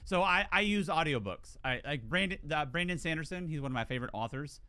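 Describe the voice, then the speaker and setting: A man's voice: on the high side, animated, quick pace, bright, forceful tone, no echo. A man with a southern US accent, streaming a game and chatting in a rambling, self-deprecating way, full of "like" and "dude". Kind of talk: casual stream chat.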